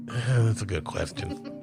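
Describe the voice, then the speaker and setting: A man's voice: lowish voice, lively intonation, takes it slowly, creaky, music in the background. A man co-hosting a casual reaction chat, loose and laughing, swearing freely. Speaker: podcast co-host.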